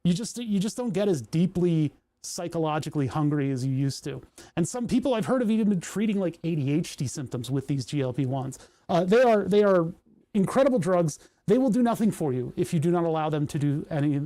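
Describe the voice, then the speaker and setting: This livestreamer from Pennsylvania has a slightly high, mellow voice, speaks a bit quickly, and sounds expressive. He rambles in a relaxed, self-deprecating way, reading messages from his chat out loud.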